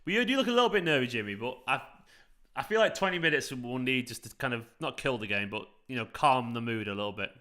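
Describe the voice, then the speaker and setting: A man's voice: mid-range voice, animated, fast talker, sharp tone. A young man hosting a live football watchalong, chatting casually, reacting to the play and greeting viewers by name. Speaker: fan channel host. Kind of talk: live match watchalong commentary, reading chat.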